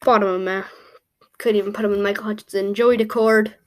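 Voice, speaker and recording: A woman's voice: medium pitch, steady tone, brisk, darkish tone. Woman, mid-range voice, offhand thinking-aloud commentator, lots of "um"s. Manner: rambling and thinking aloud, with frequent "um" and self-corrections. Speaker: YouTube creator ranking hockey goalies. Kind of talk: casual commentary while building a tier list.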